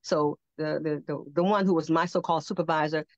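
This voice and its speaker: An older woman on a podcast telling a personal testimony, animated and acting out the voices she quotes. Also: low-pitched, fairly quick, dry recording. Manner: animated storyteller who acts out quoted voices. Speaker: podcast guest. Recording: dull lo-fi dry sound.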